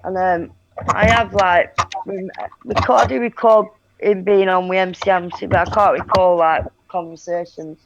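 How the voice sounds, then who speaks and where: A woman's voice: fairly low pitch, steady tone, normal speed, a little hiss or hum. A woman co-hosting a livestream panel, laid-back, chiming in with short agreeing replies over a remote call. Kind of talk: casual chat. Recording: dull lo-fi call audio.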